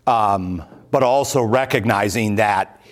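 A man leading a Bible class as pastor, talking it through slowly with many pauses, ums and restarts. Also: on the low side. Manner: slow, thoughtful, many fillers and restarts. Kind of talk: unscripted Bible class teaching.

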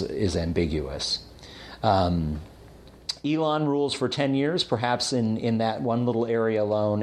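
Lower-voiced man teaching a Bible class. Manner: measured, explanatory lecturing.

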